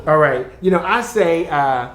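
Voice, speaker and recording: A man co-hosting a casual podcast, talking in an animated way, laughing often and slipping into playful voices. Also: a little high, measured pace. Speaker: podcast co-host, communications consultant. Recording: echoey room.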